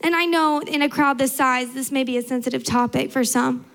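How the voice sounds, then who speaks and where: Young woman preacher, high bright voice, earnest sermon with repeated emphatic lines. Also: brisk, creaky.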